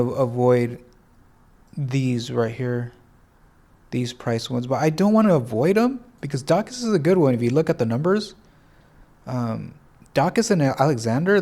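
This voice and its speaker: A man walks through a casual tutorial, thinking aloud and often stopping to correct himself. His voice sounds congested, with a gravelly, creaky texture at a middle pitch. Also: warm tone. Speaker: fantasy sports tutorial host. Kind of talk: casual screen-share tutorial.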